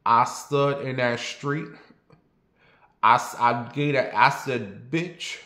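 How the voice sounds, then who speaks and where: New man, casual storyteller, blunt and profane, mid-pitched, recorded in a roomy space. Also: steady tone, takes it slowly, bright, forceful tone. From New York. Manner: rambling, blunt and profane, talks straight to viewers. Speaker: vlogger. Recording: roomy echo.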